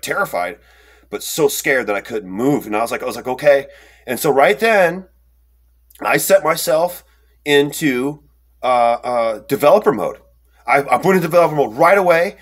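A young man telling a personal story in a rambling, animated way, with lots of fillers and restarts, and acting out the quotes. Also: a little high. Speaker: storyteller recounting an encounter. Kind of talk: casual first-person storytelling.

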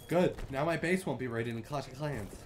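A man's voice: medium pitch, moderate pace. A man making blunt, crude wisecracks to friends over voice chat during a game. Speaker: gamer in a voice chat. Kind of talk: crude gaming banter. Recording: voice chat with loud background noise.

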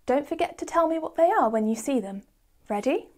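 A woman teaching a children's phonics lesson in a slow, encouraging, sing-song teacher voice. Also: high-pitched, animated.

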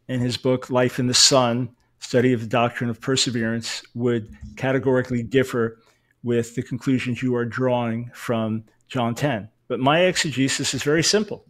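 A man's voice: mid-range voice, fairly bright tone. A man in a theological debate, arguing firmly and emphatically while citing scholars. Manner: firm, emphatic, cites sources.

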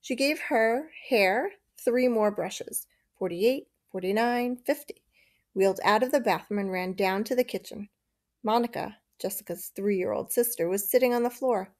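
A woman reading a children's novel aloud, steady and measured. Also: mid-range voice. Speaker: narrator. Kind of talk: storybook reading.

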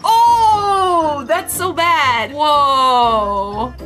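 Woman, reaction video host, high voice, gasping and exclaiming, background music. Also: drawn-out words, a bit bright. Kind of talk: reacting to viral clips. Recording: music playing underneath.

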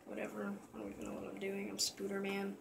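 A man casually commentating a let's-play video, rambling and excitable, often trailing off into mumbled asides. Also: high-pitched, racing, creaky, background noise. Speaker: gameplay commentator.

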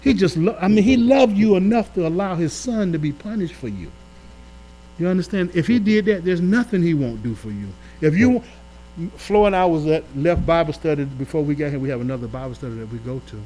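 A man preaching to a live congregation, his slightly high voice swelling into emphatic peaks and dropping into quiet, folksy asides. He talks in a colloquial way and keeps checking in with the room. A steady mains hum sits under the live-streamed church recording. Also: a little fast, rough recording. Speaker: pastor. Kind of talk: sermon. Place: church during a live-streamed Bible study.

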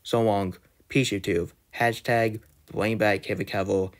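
A man's voice: lowish voice, steady tone, a little slow. A young man vlogging a heated, repetitive rant and apologizing to his viewers along the way. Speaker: YouTuber. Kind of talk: ranting commentary.

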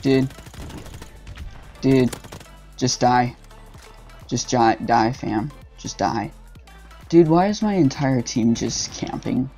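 A man's voice: medium pitch, slow, pauses often, a little mellow. A young man giving casual, swearing, frustrated commentary while he plays a shooter game as host of his gaming channel. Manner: frustrated, swearing, ranting at teammates. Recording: game music and gunfire behind.

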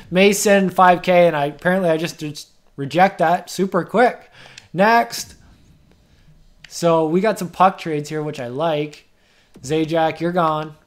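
A man giving casual gameplay commentary, excitable, swearing and exclaiming, chatting to the players on screen. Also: high voice. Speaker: gaming video host.

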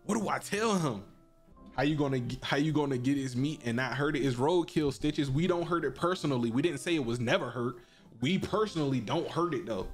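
A man giving casual, excitable commentary while playing a video game, joking, laughing and swearing often. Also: mid-range voice, fairly quick, soft background music. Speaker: gaming streamer.

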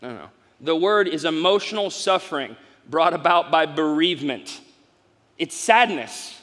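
A middle-aged man preaching a live sermon as pastor, swinging from loud exclamations to soft asides. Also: a little high, lively intonation, a little slow. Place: large church hall. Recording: long hall reverb.

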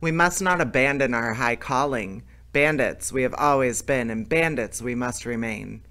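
A man's voice: medium pitch, moderate pace, bright, forceful tone. A man reading a storybook aloud, voicing a fierce, proud male bandit who barks commands.

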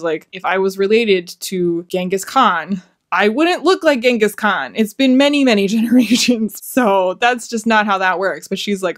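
A woman giving a casual, rambling book review, sounding exasperated and swearing freely. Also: on the low side.

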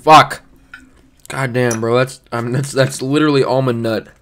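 A man's voice: mid-range voice, moderate pace, a little hiss or hum. Rambling, profane young man vlogging. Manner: rambling, profane, deadpan and sarcastic. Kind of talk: casual vlog chat. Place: home bedroom.

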